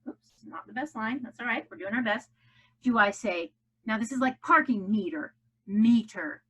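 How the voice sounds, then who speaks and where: A woman's voice: a little high, lively intonation, normal speed, fairly bright tone, breathy edge. A woman teaching a phonics lesson to children, upbeat and coaxing them to chant along. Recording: dull lo-fi home video audio.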